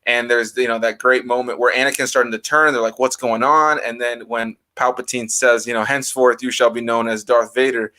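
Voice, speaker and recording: A young man in casual chat, telling stories with lively acted-out reactions from friends. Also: mid-range voice, fairly quick, few pauses. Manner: animated storyteller, acts out quoted reactions. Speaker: guest.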